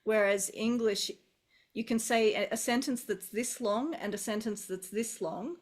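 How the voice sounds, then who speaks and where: A woman's voice: a little high, a little slow. A middle-aged Australian woman, an English teacher, chatting thoughtfully over a video call and often restarting her sentences. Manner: relaxed, thoughtful, musing with restarts. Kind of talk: casual video call conversation.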